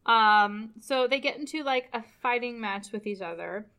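A woman's voice: on the high side, moderate pace, pushed and bright, clear, resonant tone. A woman hosting a casual chat, retelling an opera plot and laughing often. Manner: laughs often, chatty storytelling.

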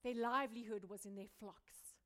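High-voiced woman preaching a sermon. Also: fairly even intonation, normal speed. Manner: dramatic shifts from loud emphasis to hushed near-whisper; repetitive rhetorical building. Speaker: pastor.

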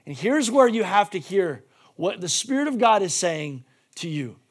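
A male pastor preaching a sermon emphatically, swinging between shouting and hushed tones. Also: high-pitched, very animated, moderate pace, slightly rough.

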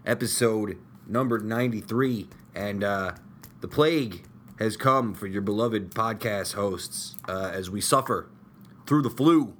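Man, podcast host, hoarse with flu, husky gruff voice, low-ish pitch, casual studio chat. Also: measured pace, a bit bright, a little hiss or hum.

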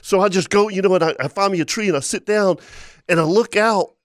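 A man's voice: high-pitched, fairly quick, no echo, clean studio sound. A man, co-hosting a radio show and telling a funny hunting story through laughter and stumbles. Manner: animated, laughing, stumbles over words. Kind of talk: casual storytelling chat.

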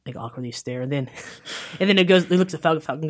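A man in casual chat, excitedly retelling scenes in a rambling way and briefly acting out the characters' lines. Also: a little high. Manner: excited, rambling retelling with quick acted-out quotes. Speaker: co-host recapping a film trailer.

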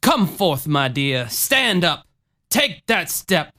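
A man putting on the voice of a theatrical faith-healing preacher, with a booming, sing-song preaching cadence. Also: big pitch swings, takes it slowly, sharp tone, full character voice. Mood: coaxing. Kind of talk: casual chat.

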